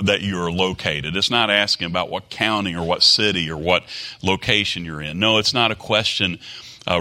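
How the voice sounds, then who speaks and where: A man preaching a sermon, reading scripture in old-fashioned phrasing and then explaining it in plain, halting speech. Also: sits low, sharp tone. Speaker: pastor.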